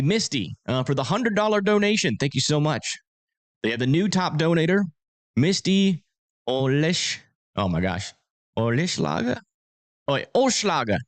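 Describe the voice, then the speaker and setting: A man's voice: mid-range voice, no room sound. A man in his thirties hosting a casual livestream, chatty and self-deprecating as he talks to viewers. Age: 30s. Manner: chatty, reads donations aloud, self-deprecating. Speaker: storm-chasing livestream host.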